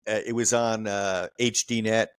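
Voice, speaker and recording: A man's voice: lowish voice, steady tone, normal speed, smooth, dry recording. A man in his fifties from New Jersey hosting a casual chat, reminiscing animatedly and laughing often. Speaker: podcast host.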